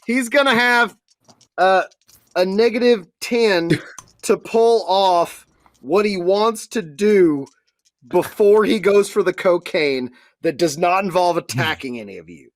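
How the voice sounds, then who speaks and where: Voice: medium pitch, slow, no echo. A game master narrating a tabletop game, laughing often and telling it with crude, playful humor.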